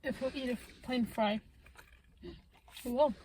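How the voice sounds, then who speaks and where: A woman talks casually to her viewers while eating in a parked car, humming and murmuring between bites. Her voice sits a little high, and there is a faint hiss of noise behind her. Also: unhurried. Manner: relaxed, chatty, humming while chewing. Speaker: vlogger. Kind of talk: casual eating-show chat.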